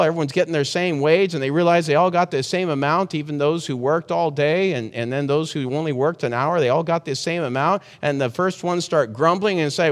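Earnest preacher man in a reverberant hall. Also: a little high. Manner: conversational, earnest, frequent restarts. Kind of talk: sermon.

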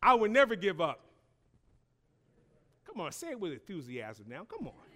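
A male preacher delivering a sermon in slow, emphatic phrases, calling on his congregation to answer him and rising to shouts. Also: on the high side, big pitch swings.

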